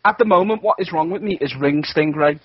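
A male radio co-host from England with an English accent, blunt and deadpan in his banter. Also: a little high, a little fast, breathy edge, dry recording, highs cut off.

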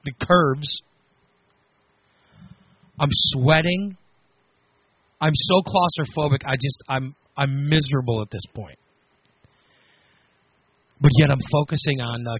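A man hosting a radio show, telling a story on air in a casual, animated, self-mocking way with frequent laughs. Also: a little high, breathy edge, no echo, lo-fi sound. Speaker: radio host.

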